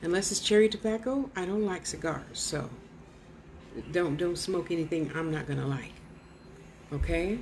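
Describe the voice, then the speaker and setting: A woman's voice: fairly low pitch, moderate pace, a little mellow, slight background noise. A woman talking casually to an unseen spirit, coaxing and soothing it, with blunt, cursing asides. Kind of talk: casual one-sided spirit talk.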